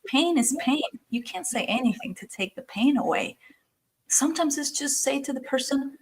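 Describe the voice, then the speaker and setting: A woman's voice: high voice, lively intonation, normal speed, poor audio. A woman hosting a podcast interview, speaking in an affirming, reflective way. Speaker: podcast host. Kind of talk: conversational interview.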